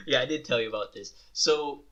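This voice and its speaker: A man's voice: medium pitch, pushed and bright. A young man co-hosting a casual podcast, telling a story with lots of swearing and laughter. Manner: swearing, laughing storyteller who imitates voices. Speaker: podcast co-host. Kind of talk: casual chat.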